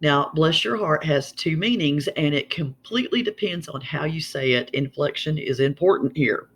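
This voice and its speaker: A man's voice: fairly high pitch, expressive, a bit bright, husky. A man from Southern Appalachia with a twangy Southern Appalachian accent, chatting casually as he explains regional sayings. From Southern Appalachia, USA. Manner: chatty, folksy, drawn-out twang.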